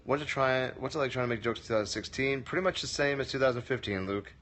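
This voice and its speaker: A man's voice: mid-range voice, fast talker, fairly bright tone, a little hiss or hum. A man running a casual livestream Q&A as a comedy teacher, reading viewers' comments aloud and answering them with dry jokes. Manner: wry, joking, reads comments aloud and answers. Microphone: phone livestream.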